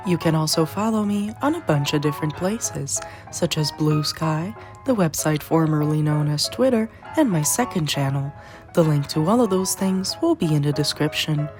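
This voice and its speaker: Playful, lively woman video host. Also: low-pitched. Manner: playful and animated. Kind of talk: scripted video essay narration.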